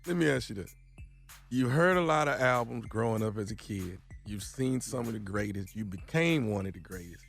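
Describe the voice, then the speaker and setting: A radio co-host chats and asks questions, with his pitch swinging freely up and down. Faint music plays behind him. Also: expressive, normal speed, gravelly. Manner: conversational, questioning. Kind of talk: casual radio banter.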